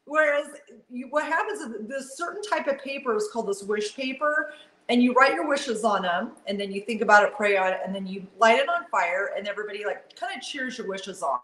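A woman casually telling a funny story on a live video call, animated and laughing as she acts out what people said. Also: fairly high pitch, brisk. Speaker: guest on a live video chat. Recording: echoey room on a video call.

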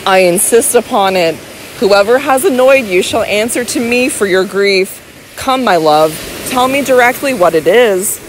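A woman's voice: mid-range voice, animated, measured pace, slight background noise, natural voice, poor audio. A woman reading an audiobook voices an elderly baronet who speaks firmly and tenderly to his wife. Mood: protective. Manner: firm, insistent, tender toward his wife. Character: elderly devoted baronet husband, protective and indignant.

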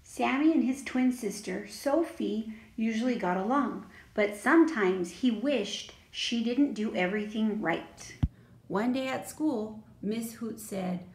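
A woman reading a children's story aloud in a slow, expressive, clear way. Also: fairly high pitch, distant mic. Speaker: storybook reader. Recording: roomy echo, faint noise.

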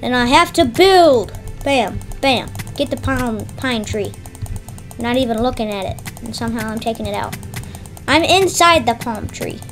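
High-voiced woman narrating her gameplay. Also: normal speed, a bit bright, soft background music. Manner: chatty, talks to herself, yelps when surprised. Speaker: gameplay streamer. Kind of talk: casual gameplay commentary.

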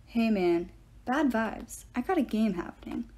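A woman's voice: a little high, animated, measured pace, a little mellow, slight background noise. A woman reading aloud and voicing a bored, spaced-out teenage boy who talks in 1970s slang. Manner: bored and dismissive.

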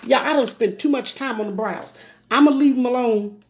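A woman's voice: fairly high pitch, moderate pace. A woman chatting casually with viewers on a live makeup stream, folksy, and she keeps calling out to her audience. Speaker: beauty livestreamer.

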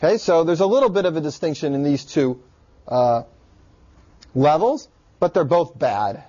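A man teaching a computer science class in a relaxed, joking way. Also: fairly high pitch, moderate pace. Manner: relaxed and joking, with filler words. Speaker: lecturer. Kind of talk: classroom lecture. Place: lecture room. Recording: dull lo-fi classroom recording.

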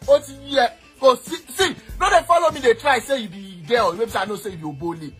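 Man, Nigerian accent, high-pitched, boastful rant, shouty, sing-song bits. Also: fast talker, faint music behind. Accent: Nigerian, mixing Pidgin and Yoruba. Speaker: eyewitness in a played clip. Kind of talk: heated rant.

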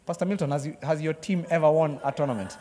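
A man preaching a sermon to a church congregation, joking with the crowd and acting out excited sports fans. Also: fairly high pitch, fast. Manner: lively, jokes with the congregation, acts out excited fans. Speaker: pastor. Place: church hall. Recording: long hall reverb.

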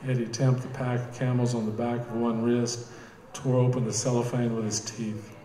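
A man reading his own novel aloud in steady, measured narration at a live bookstore cafe event. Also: medium pitch. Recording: roomy cafe with live guitar.

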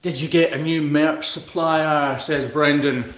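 A Scottish man chatting casually on a live stream at home, answering viewer comments with a relaxed, self-deprecating humour. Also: on the high side, measured pace, reverberant. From Scotland. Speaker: hoof trimmer and channel host. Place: room in his newly built house.

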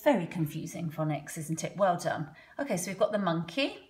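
A woman teaching a children's phonics lesson from home, slowly sounding out letters one by one with patient encouragement. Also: fairly low pitch, lively intonation. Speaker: primary school teacher.

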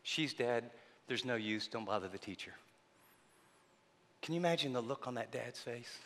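Bright-voiced preacher in a big hall. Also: male voice, medium pitch, animated, moderate pace. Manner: storytelling, dramatic swings between loud and hushed. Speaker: pastor. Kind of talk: sermon.

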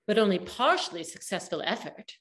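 A woman's voice: mid-range voice, big pitch swings, brisk, a bit bright. A woman narrating a spooky story in a stage reading, with dramatic storytelling.

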